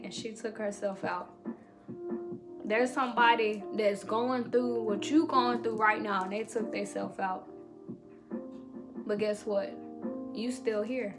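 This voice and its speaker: Profane, reassuring woman vlogger, music behind. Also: mid-range voice. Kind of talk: motivational talk to camera.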